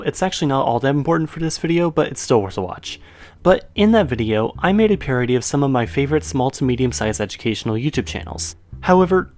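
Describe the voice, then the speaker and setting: A man's voice: mid-range voice, a little mellow. A man narrating a scripted educational video in a chatty, upbeat way, with casual asides to the viewer. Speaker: educational YouTuber.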